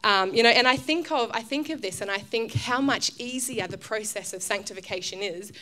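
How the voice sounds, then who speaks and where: An Australian woman pastor preaching a casual, conversational sermon, full of fillers and restarts, who acts out the voices in her stories with loud, high outbursts. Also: brisk. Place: church stage.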